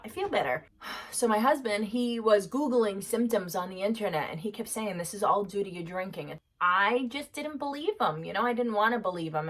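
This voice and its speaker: A woman's voice: medium pitch, a bit bright. A woman, telling her personal story in a candid, conversational way full of fillers. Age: 30s. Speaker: vlogger sharing her recovery story.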